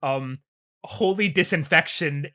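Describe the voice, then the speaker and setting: A man's voice: fairly high pitch, slow pace, bright, forceful tone. A young man co-hosting a podcast, recapping an episode in loose, profane casual chat and laughing often. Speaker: podcast co-host.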